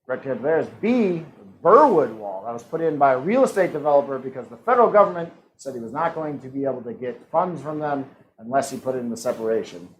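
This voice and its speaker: A man hosting a live-streamed trivia game, reading out questions and answer choices with quick jokes and frequent laughs. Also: medium pitch, lively intonation, slight background noise, poor audio. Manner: jokey, laughs often, reads out multiple-choice options. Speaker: trivia host.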